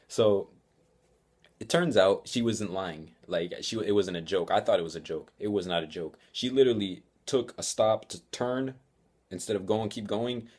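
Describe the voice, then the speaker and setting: Deep-voiced teen guy rambling a story. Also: a little mellow. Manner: rambling, profane, laughing. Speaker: vlogger. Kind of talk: casual storytelling vlog.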